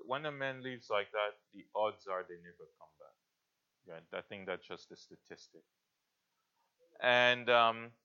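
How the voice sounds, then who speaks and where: A male pastor preaching a sermon in an earnest, halting way, often restarting his sentences. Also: on the low side, sharp tone, clear, resonant tone. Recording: dull lo-fi recording.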